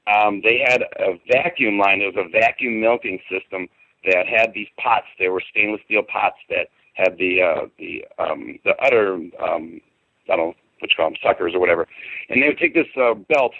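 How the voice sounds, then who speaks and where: A man's voice: fairly low pitch, no room sound. A middle-aged man, a podcast guest, telling a personal story in a rambling, colloquial and emphatic way over a phone call. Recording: tinny dry phone line.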